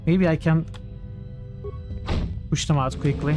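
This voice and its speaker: A streamer casually commenting on a video game as they play, thinking aloud and haltingly, with quick excited outbursts. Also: medium pitch. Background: game music.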